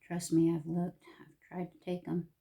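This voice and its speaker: A middle-aged woman, chatting reflectively in a vlog, soft-spoken and heartfelt, often sinking to a near whisper. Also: lowish voice, completely flat delivery, moderate pace, creaky. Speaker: vlogger. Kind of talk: casual reflective chat.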